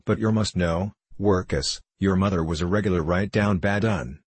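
A jeering, spiteful teenage charity boy, put on by a man. The voice sits low and husky, and the mockery comes through in a dry, close storybook reading. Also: normal speed, no echo. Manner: mocking, taunting.

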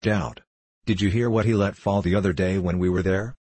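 A man voicing a scheming young man who presses his point in a slow, steady, insistent way. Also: low-pitched, breathy edge, no echo.

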